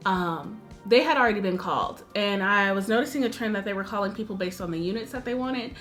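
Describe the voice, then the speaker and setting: A young woman in her twenties, a nursing student vlogger, telling a personal story in a chatty, animated way, acting out what people said. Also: mid-range voice. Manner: chatty, animated, full of "like" and acted-out quotes. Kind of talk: casual storytelling to camera.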